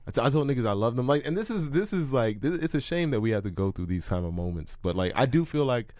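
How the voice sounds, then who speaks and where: A man's voice: mid-range voice, sing-song, fast talker, a little mellow, no room sound, clean studio sound. A man chatting on a podcast with friends in a laid-back, earnest, slangy way. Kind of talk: casual podcast chat. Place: small podcast studio.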